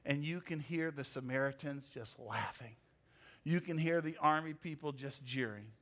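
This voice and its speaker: A man preaching a sermon as a pastor, animated and emphatic, rising and falling as he drives his points home. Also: medium pitch, moderate pace.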